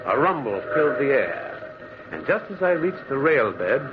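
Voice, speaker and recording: A man's voice: mid-range voice, very animated, normal speed, close to an everyday voice. A man playing a brooding, lonely narrator. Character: lonely male loner who once prospected in the mountains. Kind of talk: 1940s radio acting. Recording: muffled old radio recording with faint hiss.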